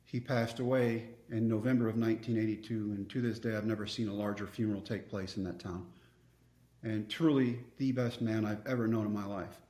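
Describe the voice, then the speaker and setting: A man's voice: lowish voice, steady tone, fairly quick, mellow, reverberant. A man, telling personal stories earnestly as a podcast guest. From Texas. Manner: earnest, reflective storyteller. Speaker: guest speaker. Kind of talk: storytelling interview.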